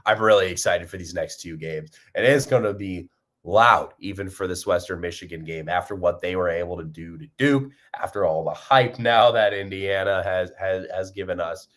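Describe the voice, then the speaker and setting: A man's voice: deep voice, moderate pace, a bit bright. A young man hosting a fan podcast, rambling upbeat commentary with lots of fillers and restarts.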